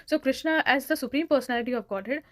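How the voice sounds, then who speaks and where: A woman's voice: high voice, quick pace. A woman hosting her own devotional channel, earnestly retelling scripture stories with quoted dialogue. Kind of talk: devotional storytelling talk.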